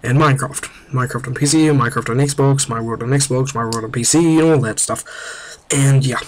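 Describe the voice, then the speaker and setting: Young New Zealand guy, chatty and self-mocking, amateur gameplay commentary, mid pitch. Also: fairly even intonation, brisk, slight background noise.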